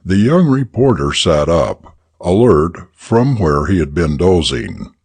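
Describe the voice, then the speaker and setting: A man narrating a story for English learners in an expressive, deliberate reading. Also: low-pitched, husky, dry recording.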